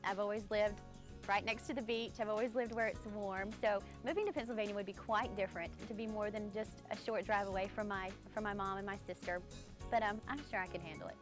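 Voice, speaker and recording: A woman's voice: mid-range voice, fairly even intonation, brisk, over music. A young woman with an Alabama Southern accent, a host candidate talking earnestly and demonstrating a product on air. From Alabama, USA. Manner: upbeat, earnest, warmly persuasive. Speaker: host candidate, news anchor.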